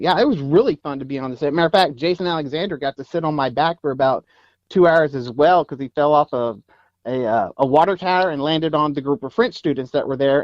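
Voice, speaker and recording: A man from Texas, an actor guest, telling animated anecdotes in an interview. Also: fairly high pitch, no echo, dull audio. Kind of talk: interview storytelling.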